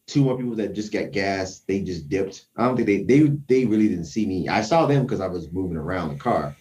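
Man telling a story, low and dark. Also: brisk, recorded from a distance. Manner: animated, acts out his own quotes. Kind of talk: casual storytelling.

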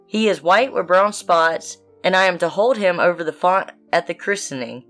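A woman's voice: on the low side, moderate pace, fairly bright tone, soft background music, natural voice. Sly liar cat, female, sweet-talking in a fairy tale; read by a woman. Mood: coaxing.

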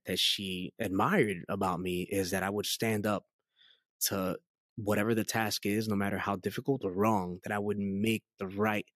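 In a dry, close studio recording with no echo, a man in his late thirties talks in a somewhat low voice. As a guest in a casual storytelling interview, he gives his testimony in a rambling, chatty way, leaning on fillers and vividly acting out what people said.

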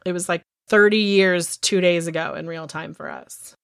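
A woman in her thirties co-hosting a podcast, recapping in casual chat and swearing freely as she gets animated. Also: on the low side, moderate pace, gravelly, no room sound, clean studio sound. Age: 30s. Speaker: podcast co-host.

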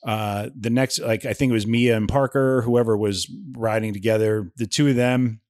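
A man's voice: on the low side, normal speed, dry recording, studio quality. A man co-hosting a podcast, telling a story in casual chat and acting out what others said. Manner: animated storyteller, acts out others' lines. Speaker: podcast co-host.

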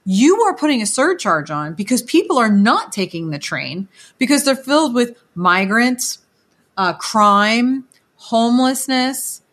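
A woman, co-hosting a casual political chat and telling lively stories. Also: a little high, unhurried. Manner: animated storytelling, acts out others' voices in quoted bits.

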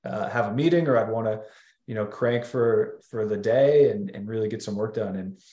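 A man's voice: lowish voice, normal speed, warm tone, roomy sound, highs cut off. A man speaking as a guest on a podcast, talking in a rambling, hesitant way. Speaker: guest, company co-founder. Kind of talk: casual podcast conversation.

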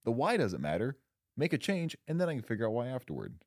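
A man's voice: mid-range voice, huge pitch swings, fast, no room sound, studio quality. A young man co-hosting a podcast, talking in casual chat with a blunt, emphatic manner and frequent swearing. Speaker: podcast co-host.

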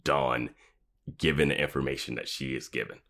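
A man's voice: very deep voice, level tone, normal speed, pushed and bright. A man co-hosting a podcast who chimes in casually and often laughs. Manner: laughing, chiming in. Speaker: podcast co-host. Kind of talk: casual chat.

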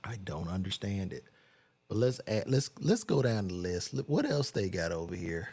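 A man's voice: low-pitched, animated, normal speed, a little mellow, slightly rough. A man casually reading celebrity news aloud and reacting with loose, profane commentary while he browses.

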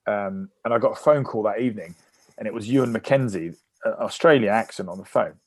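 Man with a low, dry voice. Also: fairly quick, no room sound. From England. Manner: lively anecdotal storytelling. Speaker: guest, former rugby player. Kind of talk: casual podcast interview.

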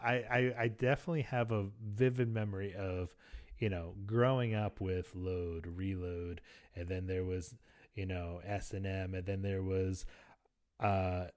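A man co-hosting a podcast, chatting casually, often laughing and pausing with ums. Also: deep voice, fairly even intonation, a little mellow. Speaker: podcast co-host.

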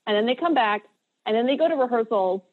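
A woman co-hosts a casual podcast chat, retelling scenes with quick mock voices for the characters. Her voice sits a little high and comes through a thin, phone-like line. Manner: animated storyteller, acts out lines in quick mock voices. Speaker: podcast co-host. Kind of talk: casual chat recapping an episode. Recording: tinny phone-line sound.

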